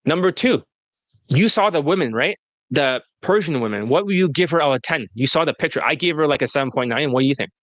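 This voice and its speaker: A man's voice: a little high, lively intonation, fast, fairly bright tone, dry recording. Blunt, profane male dating coach. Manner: blunt and profane, laughs often. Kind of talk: casual interview talk.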